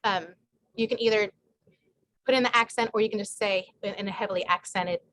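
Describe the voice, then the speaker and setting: A woman's voice: medium pitch, steady tone, a little fast, fairly bright tone. A woman author answering questions in a casual group chat on a video call, talking with many fillers and restarts. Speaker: guest author. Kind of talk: casual online group talk.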